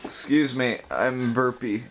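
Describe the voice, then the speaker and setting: A man's voice: medium pitch, fairly even intonation, slow pace, fairly bright tone, slight background noise, poor audio. A man hosting a gaming channel, giving casual, joking commentary in an offhand way while he plays. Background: game music.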